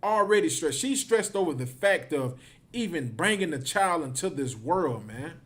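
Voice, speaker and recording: A man's voice: fairly high pitch, expressive, unhurried, a bit bright. Emphatic man teaching a class. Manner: emphatic, repeats himself, ends phrases with "man". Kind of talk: livestreamed teaching.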